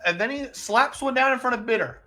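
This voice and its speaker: A streamer narrating a live tabletop role-play as game master with animated storytelling. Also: medium pitch, a little fast, faint music behind.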